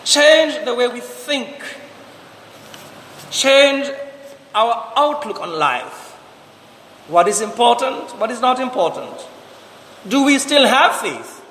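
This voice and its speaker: A priest preaching a sermon, asking repeated rhetorical questions and drawing out slow, emphatic commands. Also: male voice, very high-pitched, animated, a bit bright, roomy sound, in a large hall, a little hiss or hum, low-quality recording.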